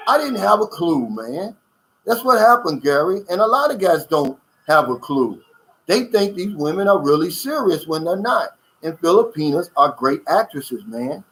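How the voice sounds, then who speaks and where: A man's voice: sits high, sing-song, normal speed, a bit bright, a little hiss or hum, poor audio. Blunt man hosting a casual livestream chat. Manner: emphatic, blunt, calls listeners "man". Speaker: channel host reading viewer comments.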